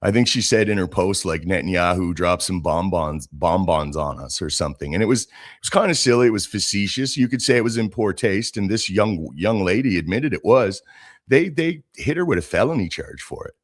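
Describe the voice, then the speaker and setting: A man's voice: lowish voice, lively intonation, fairly quick, no echo, clean studio sound. A man co-hosting a podcast, talking casually and bluntly about politics, swearing freely. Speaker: podcast co-host.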